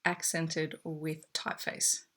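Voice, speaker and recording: A woman's voice: sits low, flat delivery, slow, a bit bright. A young Australian woman and teacher talking through a book haul in a chatty, enthusiastic way. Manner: chatty, enthusiastic, shows pages to camera. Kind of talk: casual book haul chat.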